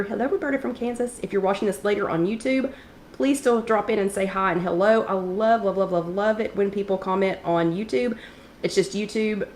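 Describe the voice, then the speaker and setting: Woman, chatty livestream host, allergy-scratchy throat, echoey room, faint noise. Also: mid-range voice. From East Tennessee. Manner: chatty, greets viewers by name between remarks. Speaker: host of a live wellness chat. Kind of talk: casual livestream chat greeting viewers.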